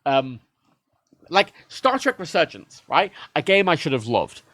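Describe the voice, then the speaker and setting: A man's voice: on the high side, measured pace, dry recording. A man livestreaming, ranting casually about game consoles with lots of swearing. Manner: animated, heavily profane, mimics devices in quoted voices.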